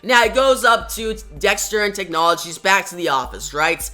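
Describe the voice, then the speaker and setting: Bright-voiced comic book reviewer. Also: medium pitch, expressive, moderate pace, faint music behind. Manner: starts most sentences with "now," adds "right?". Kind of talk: casual comic recap narration.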